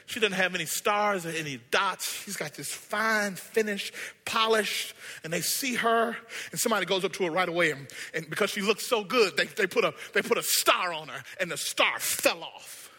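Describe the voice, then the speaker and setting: Preacher, male, high and sharp voice, dramatic storyteller, long hall reverb. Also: lively intonation, normal speed, slightly rough. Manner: dramatic, swinging from hushed to shouted. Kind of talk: sermon with storytelling.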